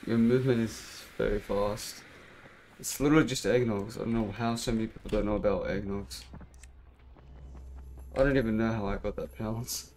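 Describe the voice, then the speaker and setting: A young man commenting casually while live-streaming a game, frustrated and swearing, breaking into sudden yelled outbursts. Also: on the low side, steady tone, normal speed, long pauses, a little hiss or hum. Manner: frustrated, swearing, bursts of yelling.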